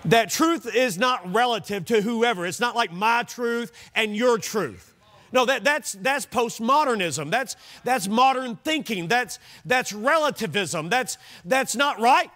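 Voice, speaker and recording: A male pastor preaching an evening sermon in a church, animated and conversational, asking the congregation questions. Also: extremely high pitch, unhurried. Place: church sanctuary.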